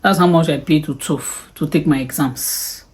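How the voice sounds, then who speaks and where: A woman's voice: deep voice, moderate pace. A woman vlogger talking casually to camera, chatty and exclaiming as she walks through what she spent. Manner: chatty, exclaims and sighs over the costs. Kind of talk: casual cost breakdown talk to camera.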